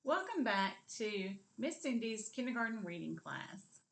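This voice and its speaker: A woman with a Southern US accent teaching a kindergarten reading lesson, repeating words slowly and clearly for young children. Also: fairly high pitch, sing-song, fairly bright tone. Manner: slow, sing-song, repeats words for children.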